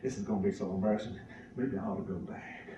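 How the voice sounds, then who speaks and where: A man's voice: lowish voice, quick pace, muffled recording, background noise, pitched below the performer's own voice, lightly acted. Guy doing a nervous humble angel, drawly, big roomy echo, mic far off. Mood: worried. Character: shy humble male angel polishing a star. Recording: echoey hall from far off.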